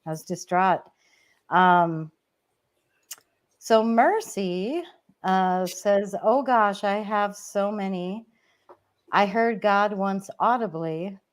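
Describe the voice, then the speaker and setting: A woman co-hosting a casual online chat, telling personal stories and reading viewer comments, getting emotional and laughing often. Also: mid-range voice. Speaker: co-host.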